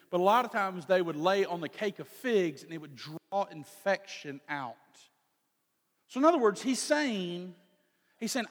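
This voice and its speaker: A man preaching a sermon as pastor, reading scripture, then explaining it earnestly, slowing down and swelling louder to stress key points. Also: high-pitched. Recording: long hall reverb.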